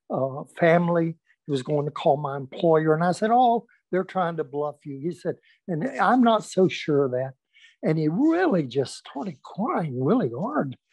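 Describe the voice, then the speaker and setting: A man's voice: fairly high pitch, no room sound. An older man, a pastor, telling stories from his past in a conversation, acting out the voices of the people he quotes, with many fillers and restarts. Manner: animated anecdotal storyteller, acts out quoted voices, with fillers and restarts. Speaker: pastor recounting his history. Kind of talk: storytelling in a recorded conversation.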